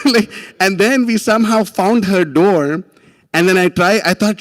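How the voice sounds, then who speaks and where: A man giving a religious class, telling a story in an animated, casual way with many restarts and laughs. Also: high-pitched, normal speed, long reverb tail.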